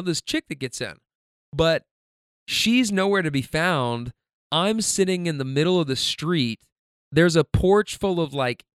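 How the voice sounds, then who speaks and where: A man with a fairly high, fairly bright, clean voice hosts a podcast, rambling through stories with lots of fillers and swearing in an easygoing way. The studio sound is clean with no echo.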